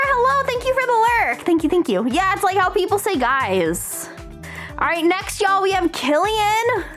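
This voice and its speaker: A woman's voice: a little high, a bit bright. A woman hosting a casual live stream, chatting in a bubbly, gushing way with lots of slang. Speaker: streamer host.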